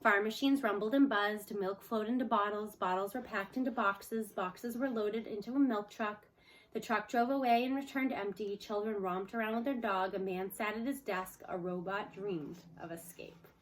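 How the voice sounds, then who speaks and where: A woman reading a children's novel aloud expressively, slowing for chapter titles. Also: mid-range voice, a little hiss or hum. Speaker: storyteller.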